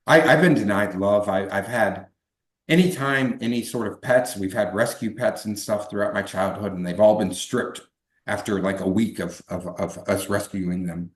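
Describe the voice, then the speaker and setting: Middle-aged guy with a really low voice rambling thru his story, lots of restarts, echoey room. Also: normal speed. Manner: rambling, many restarts and fillers. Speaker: guest. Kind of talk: casual interview storytelling.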